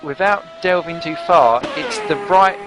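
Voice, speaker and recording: A man's voice: fairly high pitch, unhurried, music in the background. A man commentating a live sim race broadcast and playfully running a trivia quiz for his co-hosts. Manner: playful, teasing quizmaster.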